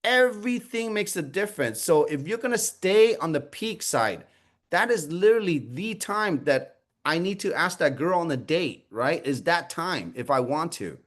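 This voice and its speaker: An animated man leads a sales training group call as team leader, coaching people and calling on them by name. His voice is a little high at a normal speed, and he asks many rhetorical questions and acts out sample conversations.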